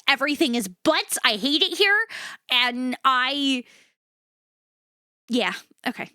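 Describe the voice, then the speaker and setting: A woman's voice: high-pitched, animated, slow pace, pauses often, bright, forceful tone, dry recording, clean studio sound. A woman streamer chatting casually, ranting and swearing freely in a jokey, self-mocking way. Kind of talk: casual chat.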